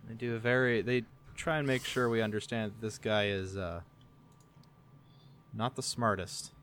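A man's voice: fairly low pitch, fairly even intonation, moderate pace, fairly bright tone, slight background noise. A man co-hosting a podcast, chatting casually with a sardonic edge and casual swearing. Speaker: podcast co-host. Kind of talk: casual chat.

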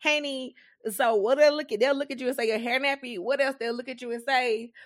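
A young woman co-hosting a comedy podcast in casual chat, expressive and quick to laugh. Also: high-pitched. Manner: expressive, laughs often, drawn-out reactions. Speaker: podcast co-host.

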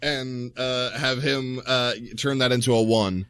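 A man's voice: mid-range voice, steady tone, unhurried, fairly bright tone, clean tone, no echo. Casual young man, dry close sound. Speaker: player. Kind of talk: tabletop game play.

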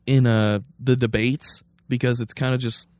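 A young man co-hosting a casual political chat podcast, talking in animated, rambling bursts with restarts. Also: mid-range voice, normal speed, no room sound, clean studio sound. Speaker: podcast co-host.

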